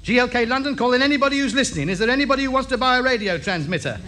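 A man's voice: very high voice, lively intonation, racing, sharp tone, exaggerated voice. A man playing a self-pitying amateur radio ham in an old comedy broadcast, grumbling mournfully. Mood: auctioneering. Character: glum, put-upon amateur radio ham. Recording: noisy old broadcast recording.

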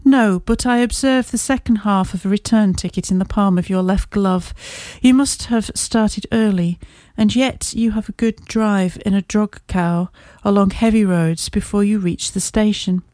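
A woman reading as a brisk, courteous Victorian detective. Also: mid-range voice, darkish tone, no room sound, close to an everyday voice. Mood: composed. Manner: crisp, measured Victorian speech. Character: brisk, observant male detective, confident and courteous.

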